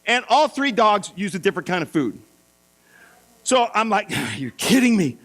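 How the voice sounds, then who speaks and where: A middle-aged male pastor telling a self-mocking story in a sermon, animated and playful. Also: high-pitched, normal speed. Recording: mains hum.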